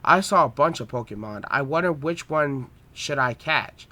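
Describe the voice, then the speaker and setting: Bright-voiced man reading his own story. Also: mid-range voice, lively intonation, normal speed. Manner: plain reading with small stumbles. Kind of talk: reading a homemade story aloud.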